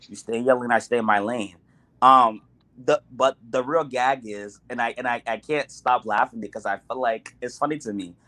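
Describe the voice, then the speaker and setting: A man on a podcast panel, talking in an animated, amused way with many stammers and restarts. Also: mid-range voice, moderate pace. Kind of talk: casual podcast debate.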